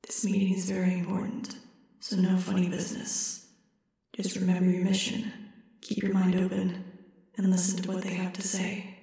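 A woman voicing a calm, mysterious voice inside a girl's head, speaking low and breathy in a storybook reading. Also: moderate pace, reverberant, in a large hall. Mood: cryptic.

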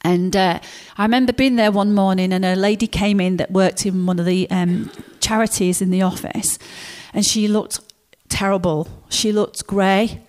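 A woman preaching a sermon, telling stories in a lively way and acting out the characters. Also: mid-range voice, moderate pace, few pauses.

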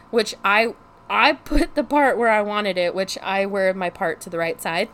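A young woman telling a frustrated storytime vlog in casual chat, animated and exasperated, swearing freely and saying "like" constantly. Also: mid-range voice. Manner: heavy use of "like" as filler. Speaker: vlogger.

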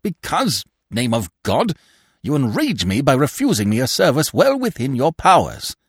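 A man voicing a heavy, cunning middle-aged theatre manager who leers and blusters, in a storybook reading with a lively, dry delivery. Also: lowish voice, normal speed, no room sound. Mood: blustering. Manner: leering, blustering, wheedling.

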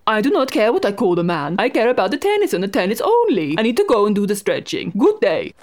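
A woman's voice: mid-range voice, fast. Woman doing a blunt stoic player. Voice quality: flat, blunt. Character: stoic Swedish female tennis player.

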